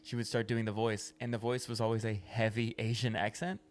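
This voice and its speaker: A young man, the show's producer, chatting casually and telling stories with deadpan crude humor. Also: fairly low pitch, brisk, slight background noise. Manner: deadpan storyteller, crude jokes. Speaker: podcast producer. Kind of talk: casual chat.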